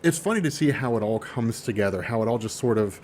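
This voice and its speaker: A man's voice: mid-range voice, expressive, fast talker, a little mellow. Guy rambling on a podcast, you know, lots of fillers, bit of hiss behind. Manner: rambling, many fillers and restarts. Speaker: podcast co-host. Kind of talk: casual group chat.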